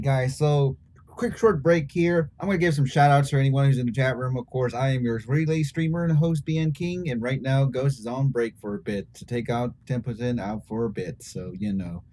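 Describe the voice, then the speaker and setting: A man co-hosting a stream, casually reading out shout-outs to people in the chat. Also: fairly high pitch. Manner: quick, casual, reeling off names. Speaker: relay streamer and co-host.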